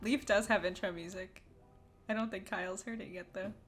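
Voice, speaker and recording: A woman's voice: mid-range voice, fairly even intonation, a little fast. A woman chatting and laughing easily as a player in a tabletop game. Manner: giggly, chatty. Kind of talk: casual chat. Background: music.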